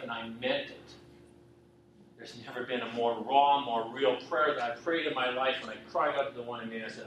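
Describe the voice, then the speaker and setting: A man's voice: mid-range voice, steady tone, moderate pace, a bit bright. A middle-aged man, a pastor, giving an earnest personal testimony sermon, often checking in with the listeners. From western Canada. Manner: earnest, repetitive, asks listeners "right?". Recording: echoey hall from far off, faint noise.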